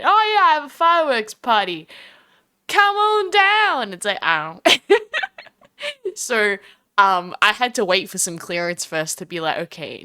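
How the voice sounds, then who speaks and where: A woman's voice: on the low side, bright, forceful tone. A young Australian woman chatting casually and bubbly on a live stream, rambling and giggling between thoughts.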